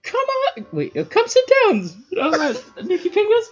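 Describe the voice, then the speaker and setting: A woman voicing a flustered, excitable teenage schoolgirl, squeaky and drawn out. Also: normal speed, muffled recording, soft background music, full character voice. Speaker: player voicing a visual novel.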